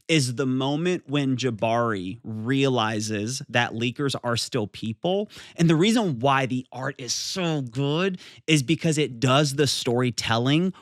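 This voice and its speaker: A man's voice: mid-range voice, fairly bright tone, no echo, clean studio sound. A man giving a casual, enthusiastic video review of a manga, rambling with lots of fillers and restarts.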